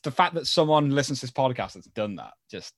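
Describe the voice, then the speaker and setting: A man's voice: medium pitch, big pitch swings, no echo, clean studio sound. A man co-hosting a podcast, chatting casually and reading out listener mail with lots of fillers. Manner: chatty, many fillers, quick laughs. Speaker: podcast co-host.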